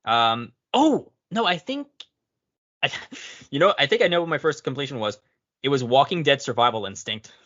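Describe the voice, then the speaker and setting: A podcast guest in casual chat, relaxed and quick to chuckle at himself. His voice sits at a middle pitch with a bright edge, and the audio sounds somewhat dull.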